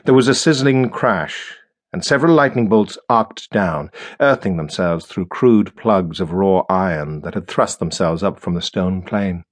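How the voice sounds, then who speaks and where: Deep-voiced male audiobook narrator. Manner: measured, steady storytelling. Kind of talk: scripted narration.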